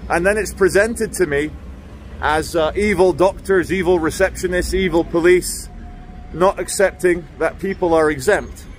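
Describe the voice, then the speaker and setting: A man's voice: sits high, normal speed. Sardonic man vlogging on city streets. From England. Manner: chatty, sardonic, mocking asides. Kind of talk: walking vlog commentary. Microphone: handheld camera mic while walking. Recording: faint street traffic noise behind.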